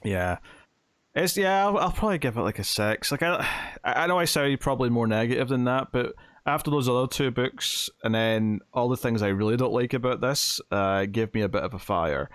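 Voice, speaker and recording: A man on a podcast with a dry, teasing sense of humour. He reviews comics in a relaxed chat at a medium pitch. The sound is close and dry, with no room echo. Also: a little fast. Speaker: podcast co-host.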